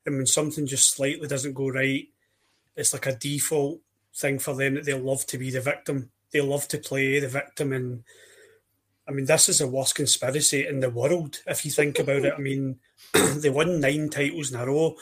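A Scottish man co-hosting a casual podcast chat, telling his stories in a wry way. His voice stays very flat and level, with little rise and fall. It sits at a middling pitch. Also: moderate pace, breathy edge. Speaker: podcast co-host.

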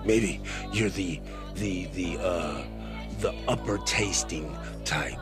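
A man's voice: sits low, takes it slowly, music in the background. A man hosting a podcast, riffing in crude, rambling comedic commentary with a sing-song delivery. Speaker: podcast host.

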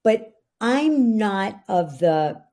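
A middle-aged woman talks through her ideas in a steady, earnest coaching manner. Her voice sits at a mellow, relaxed tone with a touch of breathiness. She speaks at a medium pitch, as a guest in conversation. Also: extremely slow. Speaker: podcast guest. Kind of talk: interview conversation.

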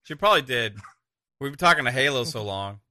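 A man hosting a casual podcast, with a very bright, sharp-edged voice recorded dry and close. He talks in a laid-back, joking manner and swears now and then. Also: medium pitch, lively intonation, a little fast, no echo. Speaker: podcast host. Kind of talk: casual gaming chat.

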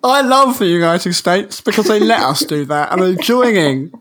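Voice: medium pitch, animated, moderate pace, fairly bright tone. A podcast co-host in casual chat who is playful and breaks into silly voices.

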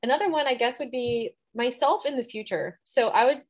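A woman's voice: a little high, brisk. A woman in her thirties, a dietitian guest on a podcast, speaking in an earnest, reflective way. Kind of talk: casual interview chat.

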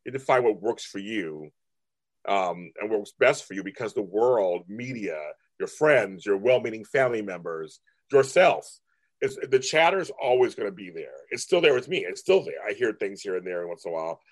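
A man's voice: on the low side, normal speed. Blunt, profane man in his fifties. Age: 50s. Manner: blunt, profane and animated, mimicking family in raised voices. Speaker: guest artist. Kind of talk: candid casual interview talk.

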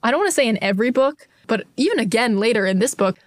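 Give me a wry young woman co-host with a fairly high voice, recorded dry and close. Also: expressive, fast talker, no echo. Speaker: podcast co-host. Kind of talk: casual book discussion.

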